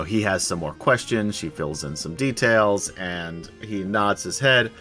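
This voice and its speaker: A man narrating a tabletop game as game master, relaxed and full of pauses and fillers. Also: sits low. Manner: relaxed, many ums and uhs.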